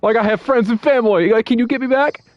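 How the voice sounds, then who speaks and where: A man's voice: extremely high pitch, quick pace, no echo, voice pushed up. A man voicing a scheming male villain who pleads and fakes tears in a whiny voice. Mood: fake pleading. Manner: whiny pleading fake sobbing. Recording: dull lo-fi dry sound.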